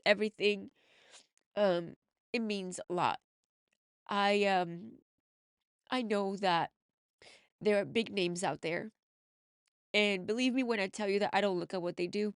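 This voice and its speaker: Earnest woman motivational podcast host, smooth resonant voice, dry recording. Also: mid-range voice, no echo. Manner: earnest, encouraging, emotional. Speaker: mindset coach and podcast host. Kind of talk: motivational monologue. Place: home recording setup in the UK.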